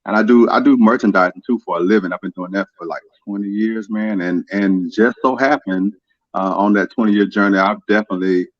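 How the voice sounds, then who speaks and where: A man with a fairly low voice talks casually as a guest. He sounds relaxed and hesitant, and his audio is dull and muffled but dry. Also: a little fast, no echo. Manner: relaxed, hesitant, with many fillers. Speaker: guest musician. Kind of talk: casual live-stream chat.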